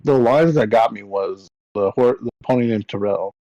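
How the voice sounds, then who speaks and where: A man with a gravelly, fry-tinged voice talks casually as a podcast co-host, laughing often and swearing freely. The recording sounds muffled and lo-fi, with a dry, close sound and no room echo. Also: lowish voice, normal speed, dark tone. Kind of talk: casual chat.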